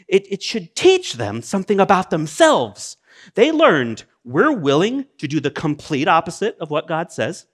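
A middle-aged male pastor preaching a sermon, reading scripture aloud and breaking into plain conversational asides, swinging between loud exclamations and quiet, low remarks. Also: sing-song, unhurried.

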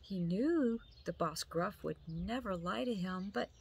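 Slow gentle woman reading a story. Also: medium pitch, animated, gravelly, slightly rough. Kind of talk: children's story read aloud.

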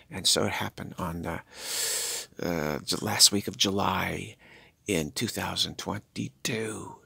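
An older man giving a spiritual talk, halting and musing, repeating himself as he searches for words. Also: lowish voice, lively intonation, vocal fry, sharp tone, husky, no echo. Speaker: spiritual teacher. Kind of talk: spiritual monologue.

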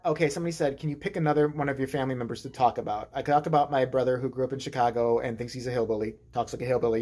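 A woman vlogger telling rambling family stories in a casual monologue, full of profanity and dark jokes. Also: a bass voice, steady tone, very fast, few pauses. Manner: rambling, profane, darkly joking.

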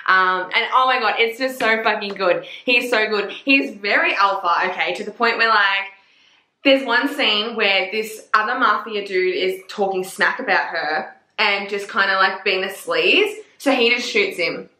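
A woman's voice: medium pitch, measured pace, sharp tone. A young woman reviewing books in a casual chat, gushing and swearing a lot, with plenty of "like" fillers. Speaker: book reviewer. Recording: echoey room.

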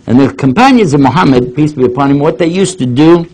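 The audio is poor, and the older man's slightly high voice has a breathy edge as he talks fast. He delivers an informal lecture, takes questions, and tells homespun stories, acting out others' words with energy.

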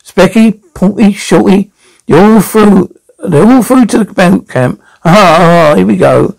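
A woman's voice: mid-range voice, a little slow, gravelly, darkish tone, poor audio. A woman playing a brash, foul-mouthed elderly nan who heckles and taunts everyone, for a TV sketch. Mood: mocking. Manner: heckling, taunting, name-calling. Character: brash foul-mouthed old London nan, rude and cheeky. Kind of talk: TV sketch comedy acting.

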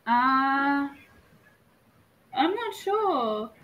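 A woman's voice: high voice, very animated, very slow, bright, forceful tone, rough recording. A young woman from northern England with a neutral English accent, chatting casually as an English tutor on a video call and laughing often.

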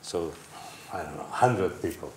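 A man's voice: sits low, expressive, measured pace, a little mellow. An older man holds the floor at a casual panel, telling a crash story with sound effects and quoted voices. He laughs often and keeps the tale rolling. His voice echoes in a roomy space over a faint background hiss. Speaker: panel guest telling racing stories. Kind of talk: casual anecdote among friends.

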